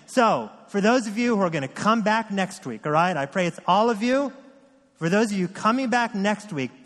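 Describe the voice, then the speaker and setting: A man's voice: sits high, expressive, normal speed, a bit bright, in a large hall. A man preaching a sermon as pastor, reading scripture and driving points home with earnest repetition.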